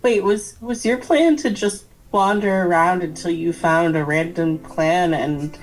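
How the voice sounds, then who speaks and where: A woman at a tabletop game who talks in a wry, quizzical tone. Her voice sits somewhat low. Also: a little slow, rough recording.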